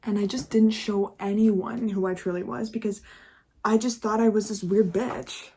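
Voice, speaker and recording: A woman's voice: medium pitch, steady tone, moderate pace, dark tone, slightly rough. A young woman talking candidly in a casual confessional vlog, chatty and full of swearing and laughter. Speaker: YouTuber.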